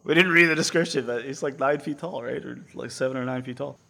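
Bright-voiced animated man preaching. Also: medium pitch, fast talker, vocal fry. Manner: animated, conversational, asks the audience to fill in words; acts out scripture characters with casual paraphrase. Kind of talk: sermon reading and explaining scripture.

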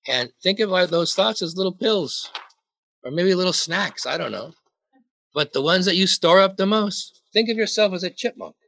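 Man, preacher, sermon, questions to the congregation, joking, bright voice, dry sound. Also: sits high, animated, moderate pace, vocal fry, dry recording. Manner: jokey, asks the congregation questions.

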